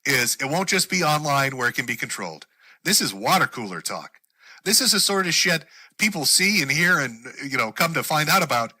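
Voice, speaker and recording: A man ranting on his own show, his voice very bright and cutting with a slightly raised pitch. He swears freely and slips into mockery as he builds up steam. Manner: heated, sweary, mocking. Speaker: show host. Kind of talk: profane political rant monologue.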